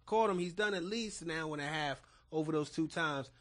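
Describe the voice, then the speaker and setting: A man's voice: on the high side, fairly quick, a bit bright. A man in his thirties, a podcast guest, talking in a slangy, laid-back and profane way. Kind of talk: casual chat.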